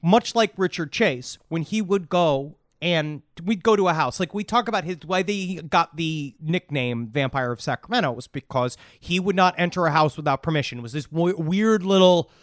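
A man's voice: on the high side, lively intonation, moderate pace, hardly any pauses, no room sound, studio quality. A man co-hosting a true crime podcast, rambling and profane with frequent restarts. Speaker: podcast co-host.

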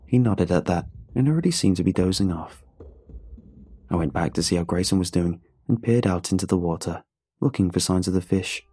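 Man reading a spooky fishing story, low husky voice, steady. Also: a little fast. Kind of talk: first-person story narration.

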